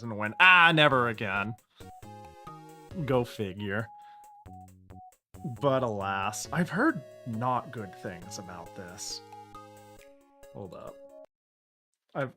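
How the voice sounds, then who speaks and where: Streaming with a voice on the low side, a man reacts in casual commentary. He gets excitable and rants, laughing and exclaiming at what he sees.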